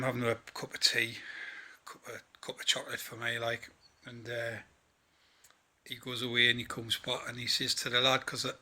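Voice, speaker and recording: Chatty tired man with a bright voice. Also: mid-range voice. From northeast England. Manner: chatty, rambling, many fillers and restarts. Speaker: vlogger, trainee truck driver. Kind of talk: casual vlog recounting his day.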